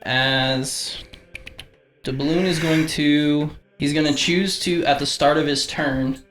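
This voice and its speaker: A man's voice: a little high, fairly even intonation, slow pace, a bit bright, soft background music. A man playing a tabletop game, methodically describing his characters' moves and politely correcting himself. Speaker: player.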